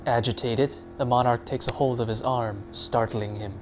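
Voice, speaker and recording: A man's voice: mid-range voice, fairly even intonation, normal speed, hardly any pauses, faint music behind. A man narrating an audiobook in a dramatic storytelling manner. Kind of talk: scripted narration.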